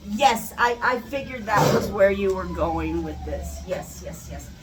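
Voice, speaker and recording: A woman's voice: medium pitch, lively intonation, unhurried, crowd noise. A woman teaching English to Spanish speakers in a chatty live lesson, wandering into tangents and repeating example questions, recorded with static. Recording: static, echoey, mic far off.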